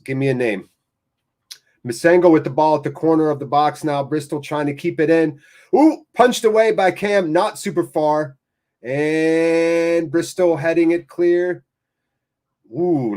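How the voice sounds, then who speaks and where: Calling the play at a live fan watchalong, this American host has a mid-range voice. He chats with viewers in an eager, talkative way.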